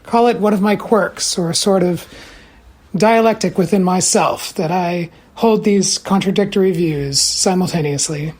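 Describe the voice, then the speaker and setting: A man delivering a recorded message in slow, deliberate, deadpan, mock-pompous sarcasm. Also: high voice, breathy edge. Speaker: former guest sending a recorded message.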